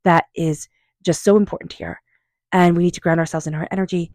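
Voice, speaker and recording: A woman doing a tarot reading, speaking in a calm, unhurried, affirming way and softly repeating invocations. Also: fairly low pitch, dry recording, studio quality. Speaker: tarot reader. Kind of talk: tarot card reading monologue.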